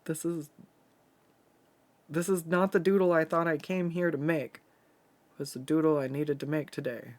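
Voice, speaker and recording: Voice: mid-range voice, fairly even intonation, moderate pace, long pauses. A streamer from the Pacific Northwest chatting casually while drawing and reading chat aloud, swearing freely and laughing often.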